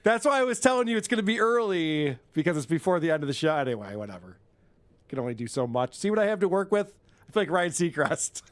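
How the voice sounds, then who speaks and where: A man's voice: fairly high pitch, sing-song, fast. A man hosting a casual podcast quiz game, loose and joking, who swears and laughs often.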